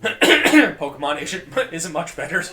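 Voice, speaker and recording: A man streaming a video game, rambling and joking with profanity, often coughing and clearing his throat. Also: a little high, sing-song, slow pace, pushed and bright, reverberant, soft background music. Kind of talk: casual gameplay commentary.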